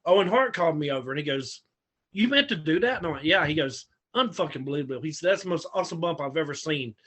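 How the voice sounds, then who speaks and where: A man, a former pro wrestler, telling stories as a podcast guest in a casual, profane, animated way that acts out the quotes. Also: a little high, quick pace, breathy edge. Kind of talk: casual storytelling.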